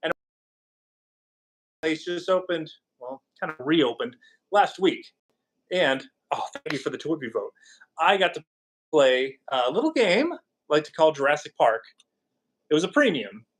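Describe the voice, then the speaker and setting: Male streamer, somewhat high voice, loose and rambling, jokes with his chat. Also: big pitch swings, a little slow, pauses often, a bit bright. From California. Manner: rambling and jokey, reacting to chat. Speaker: podcast host. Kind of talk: casual live-stream chat.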